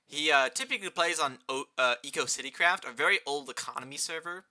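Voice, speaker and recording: A young man chatting casually on a live gaming stream, rambling and answering chat, with a fairly high-pitched voice and keyboard clicks near his desk mic. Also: quick pace. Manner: rambling, answers chat, rising excited outbursts.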